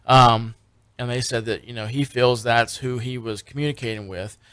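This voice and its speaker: A man's voice: mid-range voice, fairly even intonation, moderate pace, a bit bright, clean tone, dry recording. Brief: male radio co-host, loose casual storytelling, dry booth. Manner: rambling storyteller, many fillers and restarts. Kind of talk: casual radio chat recapping a TV show.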